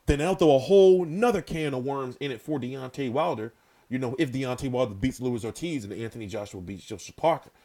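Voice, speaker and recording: A man's voice: mid-range voice, brisk, dark tone. A man hosting his own boxing channel, talking loosely and profanely with lots of fillers. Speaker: boxing commentator, channel host. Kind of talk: casual boxing talk commentary.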